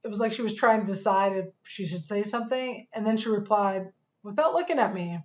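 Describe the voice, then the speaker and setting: An earnest woman narrates a personal story for a course, speaking in a measured way and pausing often. Her voice sits at an ordinary middle pitch. The recording sounds a little dull and muffled. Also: a little mellow. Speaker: fitness coach course instructor.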